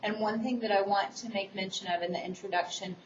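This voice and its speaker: A woman public speaking instructor giving a recorded course lecture, explaining the assignment in a quick, enthusiastic way. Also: medium pitch, fairly even intonation, a little hiss or hum. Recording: distant, roomy, dull recording.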